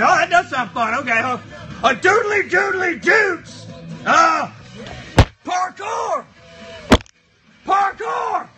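A man's voice: extremely high pitch, bright, forceful tone, heavily acted. A man voicing a rowdy, foul-mouthed cardboard box monster, bantering crudely with a live stream chat.

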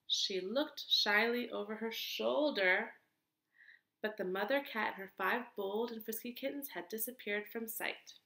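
Woman reading a storybook aloud, gravelly edge. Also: fairly high pitch, a little slow. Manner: expressive, sing-song storybook reading. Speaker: teacher. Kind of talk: reading a picture book aloud to children. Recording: echoey room.

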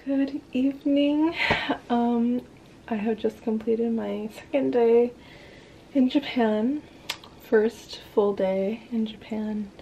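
A young woman talks to her camera in a relaxed, chatty vlog, giggling and swearing casually. Her voice sits a little high and her pace is slow and easy. A faint hiss of ambience sits under the recording. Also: creaky, lo-fi sound. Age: young adult. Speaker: vlogger. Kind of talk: casual travel vlog chat.

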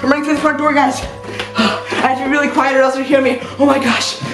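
Melodramatic woman yelling in mock fright. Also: high voice, level tone, fast, music in the background. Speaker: YouTuber. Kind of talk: comedic horror-challenge vlog.

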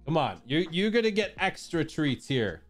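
A man's voice: on the high side, big pitch swings, normal speed, soft background music. A man casually chatting on his live stream while playfully coaxing his dogs through a treat trick, laughing often.

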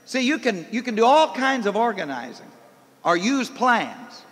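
An older man preaching a folksy, animated sermon, recorded in a church hall in the early 1990s. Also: extremely high pitch, measured pace.

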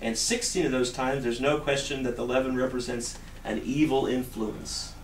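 A man's voice: mid-range voice, fairly even intonation, moderate pace. A man preaching a sermon in a church, earnest, often repeating himself and restarting phrases. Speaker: pastor. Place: church sanctuary. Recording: roomy echo, mic at a distance, faint hiss.

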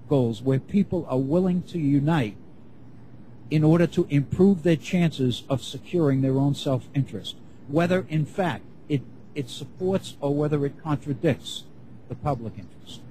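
Man, classroom lecture, warm mellow tone, a touch higher pitched, deliberate and repetitive phrasing. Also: slight background noise, poor audio. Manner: measured, restates and rephrases points as he goes.

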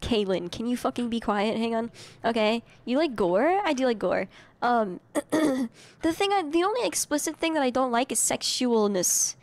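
A high-pitched young woman streaming a horror game live, chatting loosely with her viewers. She swears casually and keeps the talk loose and unscripted. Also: lively intonation, moderate pace, darkish tone. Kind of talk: live gameplay commentary.

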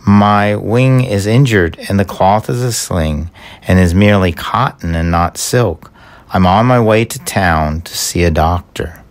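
A man's voice: low voice, unhurried, no echo. A man doing a tired, hurt little robin. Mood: weary. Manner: tired, plaintive. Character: injured weary male robin. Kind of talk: storybook reading.

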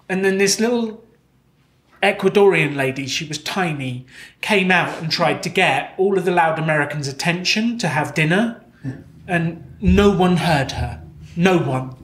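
A man with a British accent answers audience questions on a live stage, candid and quick to poke fun at himself. His voice sits a little high, and the hall around him rings with echo. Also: fairly bright tone. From Britain. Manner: candid, self-deprecating, quick. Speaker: guest speaker. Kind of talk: live Q&A storytelling. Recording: echoey live venue.

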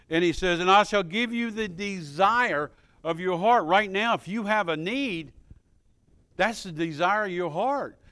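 A man's voice: sits high, fairly bright tone. A man preaching a sermon as pastor, quoting scripture and building to fervent, emphatic peaks.

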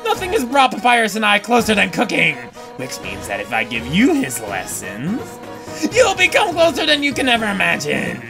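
A let's-play gamer voicing a hot-headed fish-monster woman who captains the royal guard, gruff and blunt, slipping into awkward confiding. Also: medium pitch, huge pitch swings, moderate pace, over music, pitched above the performer's own voice. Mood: excited. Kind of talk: reading game dialogue aloud.

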